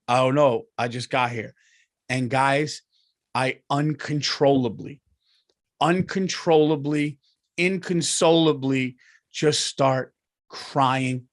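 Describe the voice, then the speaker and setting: A middle-aged man hosts his own comedy show and tells a long comic story. His talk is loose, profane and animated. His voice sits in a middle register for a man. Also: mid-range voice. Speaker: comedian host.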